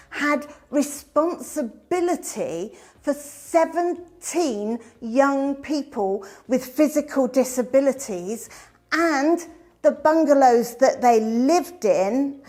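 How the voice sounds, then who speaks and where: A middle-aged woman tells her own life story as a presentation. She is an animated storyteller who swings from bright emphasis to hushed asides. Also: high-pitched.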